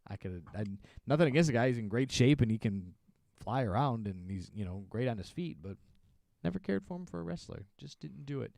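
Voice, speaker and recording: A man co-hosts a podcast and recaps wrestling shows in loose, rambling, sarcastic chat. His voice is mellow and dark, recorded dry and close. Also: medium pitch, expressive, fairly quick, vocal fry, no room sound. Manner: rambling, sarcastic, acts out wrestlers' shouted lines. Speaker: podcast co-host.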